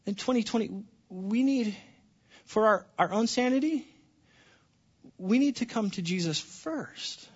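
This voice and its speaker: A man delivers a sermon in a high, bright-edged voice, swinging between hushed, slow stretches and excited near-shouting. The recording is slightly dull and muffled. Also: slightly rough. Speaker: pastor.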